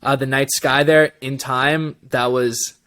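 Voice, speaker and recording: A man co-hosting a casual review chat, laughing often and rambling in an animated way. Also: mid-range voice, measured pace. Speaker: co-host.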